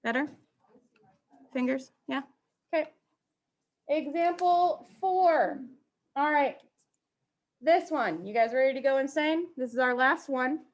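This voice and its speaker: A woman's voice: high-pitched, takes it slowly, long pauses, lo-fi sound. A woman teaching a math class to students in the room and online, playful and teasing with mock-dramatic outbursts.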